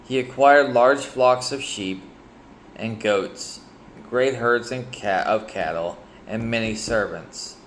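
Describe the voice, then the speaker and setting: A man reading a Bible chapter aloud and pausing to reflect on it, hesitant and sleepy, with frequent ums and restarts. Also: medium pitch, a little hiss or hum. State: sleepy, yawning. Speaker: Bible reader sharing reflections.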